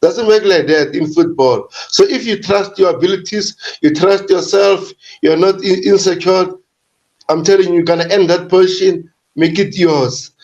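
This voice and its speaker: A man's voice: sits high, normal speed, darkish tone, lo-fi sound. A man on a football panel giving his opinion firmly, repeating points for emphasis. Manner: firm, repeats himself for emphasis. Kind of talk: casual opinionated commentary.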